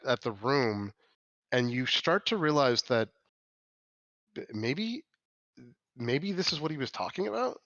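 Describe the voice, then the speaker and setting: A man's voice: medium pitch, a bit bright, no room sound, dull audio. A man narrating a tabletop role-playing game as game master, often restarting and correcting himself as he describes scenes. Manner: halting, restarts and self-corrections.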